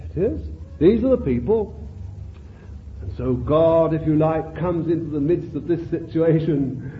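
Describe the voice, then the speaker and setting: Male preacher, sermon delivery, high and lively voice, fervent and exclaiming; tinny phone-like old tape. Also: slow pace.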